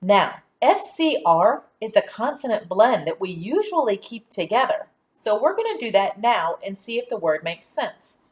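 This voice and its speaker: Her medium-pitched, sing-song voice guides little children through phonics as she methodically sounds out letters and syllables. The woman teacher rewards their answers with praise.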